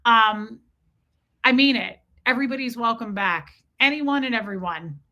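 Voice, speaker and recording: A woman hosts a casual live stream on a streaming mic, her fairly high voice at a moderate pace as she reads chat messages aloud. She's effusive and repetitive, shouting out viewers by name, and says she's cold, freezing.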